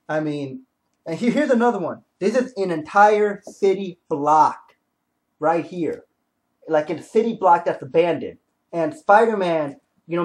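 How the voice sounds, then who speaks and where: A man excitedly retelling a comic book story in a casual review, with frequent restarts and asides. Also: high voice, low-quality recording. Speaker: comic book video host.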